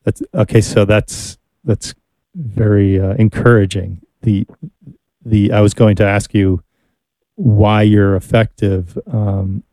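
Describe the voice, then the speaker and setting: A man hosting an interview, asking measured questions while searching for words. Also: lowish voice, little pitch movement, mellow, dry recording. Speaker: interviewer host.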